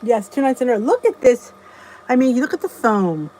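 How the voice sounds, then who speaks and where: A woman's voice: a little high, very animated, a little fast, mellow, slight background noise, low-quality recording. A middle-aged woman hosting a casual live stream, chatting and greeting viewers by name, often laughing at herself. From New Jersey. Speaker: channel host.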